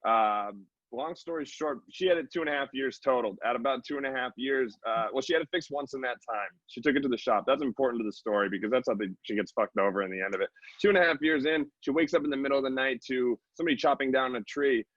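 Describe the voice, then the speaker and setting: Male co-host, loose profane recap, mid pitch, dull dry call audio. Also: quick pace, hardly any pauses, fairly bright tone, no echo. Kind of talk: casual recap. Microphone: video call.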